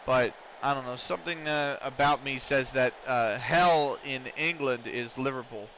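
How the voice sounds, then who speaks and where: A medium-pitched man talks at normal speed in a fairly bright tone, with a little hiss or hum. He's a US resident live-streaming a football management game, rambling in casual banter between play-by-play calls, heard through dull lo-fi audio.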